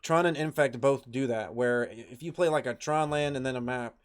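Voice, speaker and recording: A man's voice: mid-range voice, normal speed. A man co-hosting a podcast, talking in a loose, rambling way with lots of fillers. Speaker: podcast co-host. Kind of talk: casual podcast chat.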